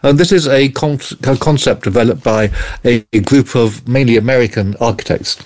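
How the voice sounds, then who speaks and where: Male co-host, mid-pitched, chatty explainer with a light joking manner. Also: normal speed, a little mellow. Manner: chatty, explains then jokes and laughs. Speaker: radio co-host presenting gadget news. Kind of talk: casual radio chat. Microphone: studio mic.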